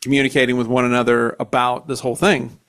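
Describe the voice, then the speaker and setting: A man's voice: mid-range voice, fast. Man hosting a chatty podcast. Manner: animated, self-mocking storyteller with many fillers. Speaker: podcast host. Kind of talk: casual storytelling chat.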